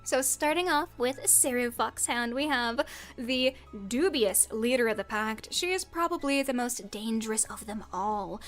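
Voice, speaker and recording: A woman's voice: a little high, lively intonation, unhurried, fairly bright tone, faint music behind. A woman performing a mock-dramatic comedy skit as a streamer, theatrical and giggly. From United States.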